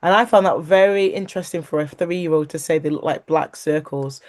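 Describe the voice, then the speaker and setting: Talking a little fast in a low voice, a guest woman recalls a story about her faith with lots of animation. Laughter slips in as she speaks, and she acts out the things others said to her.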